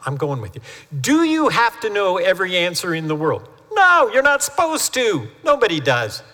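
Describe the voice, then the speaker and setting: A man's voice: sits high, wildly swooping pitch, normal speed, bright, forceful tone. A man preaching a sermon as the family pastor, chatty and storytelling, acting out quoted voices as he goes. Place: church sanctuary. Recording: long hall reverb from a church sanctuary.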